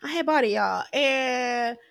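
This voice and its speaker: A woman's voice: sits high, unhurried, creaky, slight background noise. Chatty woman in her thirties. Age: 30s. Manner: chatty and animated, with lively storytelling. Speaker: podcast co-host. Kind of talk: casual chat.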